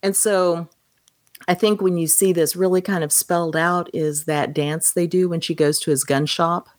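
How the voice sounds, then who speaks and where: A woman with a low voice, recorded dry and close. She talks through a film in relaxed podcast chat, lively, and slips into the characters' voices when she quotes them. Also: normal speed, no room sound. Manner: animated, acts out quoted lines. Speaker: podcast co-host. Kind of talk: casual film discussion.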